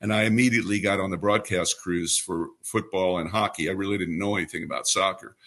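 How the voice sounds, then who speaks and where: A man in his seventies from New York City, a veteran baseball radio broadcaster telling stories as an interview guest in a smooth trained announcer delivery. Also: low-pitched, fast. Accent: New York, mostly trained away. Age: 70s. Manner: relaxed anecdotal storyteller with a polished announcer delivery. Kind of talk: storytelling interview answer.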